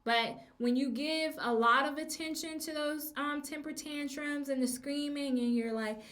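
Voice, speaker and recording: A woman's voice: high-pitched, a bit bright. Chatty woman podcaster in an echoey room. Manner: chatty, speaks slowly and stresses key words, frequent ums. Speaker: podcast host, teacher. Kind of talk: casual advice podcast.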